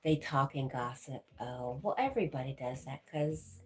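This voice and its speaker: A woman's voice: very deep voice, lively intonation, moderate pace. A woman hosting a livestream, talking casually and affectionately with viewers as she reads and answers their comments. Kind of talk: casual live-chat talk.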